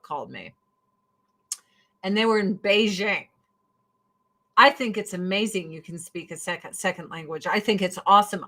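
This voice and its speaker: A woman's voice: medium pitch, sharp tone. A woman from the United States ranting casually to her livestream viewers in a blunt, profane way, jumping from one topic to the next. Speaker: livestream host.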